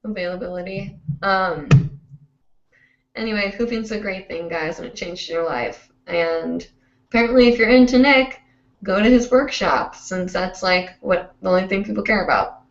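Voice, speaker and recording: A woman's voice: mid-range voice, moderate pace. A woman hosts a casual live online show and rambles through her sign-off with plenty of fillers. Her voice sits at a middling height and carries a noticeable room echo. The sound is dull and lo-fi, like a web call. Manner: rambling and chatty, with many fillers. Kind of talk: casual live-stream chat.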